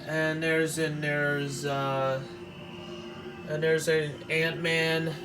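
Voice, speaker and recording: Guy walking round an exhibit, slow and halting, kinda high voice, faint room noise behind. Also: flat delivery, music in the background. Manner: halting, restarts often, nostalgic. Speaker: vlogger touring an exhibition. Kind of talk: casual walk-through commentary.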